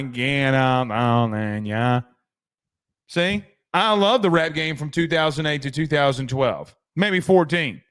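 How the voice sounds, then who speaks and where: A man's voice: sits high, a bit bright. A man hosting a casual sports commentary show, rambling and joking. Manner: rambling, joking, trails off into asides.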